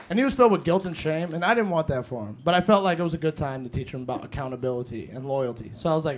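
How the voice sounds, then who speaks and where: A young male comedian with a fairly high voice works a club stage, spinning loose, profane stories and jumping into the dialogue. The live recording carries a steady layer of noise under his handheld mic. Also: fast. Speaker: stand-up comedian. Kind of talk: stand-up comedy set.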